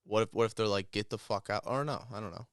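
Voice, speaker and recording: A young man co-hosting a podcast, talking in a rambling, excitable way and swearing often. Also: lowish voice, quick pace, no room sound, studio quality. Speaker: podcast co-host. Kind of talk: casual chat.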